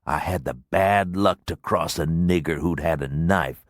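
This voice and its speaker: Male voice actor for a vengeful dead man: gravelly, menacing, slow, very dry audiobook read. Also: no room sound. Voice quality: deep gravelly voice. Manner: menacing, speaks through clenched teeth. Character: vengeful dead man, cold, merciless, spiteful. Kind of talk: audiobook character voice.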